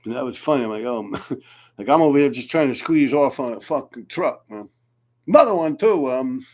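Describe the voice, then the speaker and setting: A man with a New York accent telling street stories in a casual, animated, profane way, laughing often. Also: mid-range voice. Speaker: graffiti writer telling stories. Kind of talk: casual storytelling.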